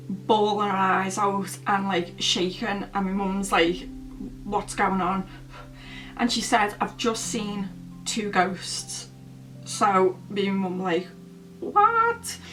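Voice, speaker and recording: A woman's voice: medium pitch, steady tone, slow, fairly bright tone, recorded from a distance, soft background music, low-quality recording. A woman telling a story casually while doing her makeup, rambling and chatty with many fillers. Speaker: beauty vlogger. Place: at home, indoors.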